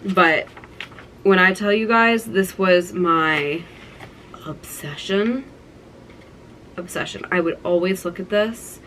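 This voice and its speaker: A woman's voice: lowish voice, fairly even intonation, takes it slowly, fairly bright tone, a little hiss or hum, rough recording. A young woman in her twenties talking through a keepsake collection, gushing and nostalgic, with lots of "like". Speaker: vlogger. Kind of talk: casual show-and-tell vlog.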